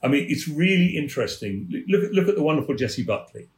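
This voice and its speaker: A man from England, a former theatre manager, telling lively backstage anecdotes as a podcast guest and acting out the voices in his stories. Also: a little high, fast. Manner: lively raconteur, acts out quoted voices. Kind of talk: anecdotal storytelling. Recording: roomy echo.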